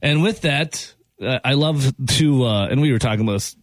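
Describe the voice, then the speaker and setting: A man's voice: medium pitch, normal speed, no echo. A man hosting a casual sports talk show, playful and mocking as he riffs on jersey details. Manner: playful, mocking, mimics overhyped phrases.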